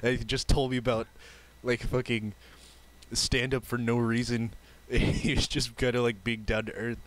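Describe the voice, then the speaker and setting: A young man streaming, telling a story casually and haltingly, often breaking into giggles. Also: medium pitch, flat delivery. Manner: giggly, halting, lots of fillers.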